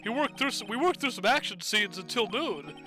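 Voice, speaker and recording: An earnest, timid young male actor, read out by a man. The voice is bright and lively in pitch. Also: fairly quick, faint music behind, full character voice.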